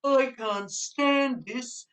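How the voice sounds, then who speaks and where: A woman's voice: high voice, drawn-out words, fairly bright tone, far from the mic, voice pushed up, exaggerated voice. A woman voicing a tired, grumpy father bear from a picture book, drawing out exasperated lines.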